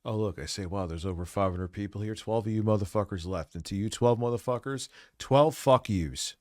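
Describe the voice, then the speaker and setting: A man's voice: on the low side, quick pace, darkish tone, dry recording, studio quality. A man in his forties ranting crudely on a late-night stream, swearing constantly and sounding stressed and worn out. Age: 40s. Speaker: livestreamer reacting to a video.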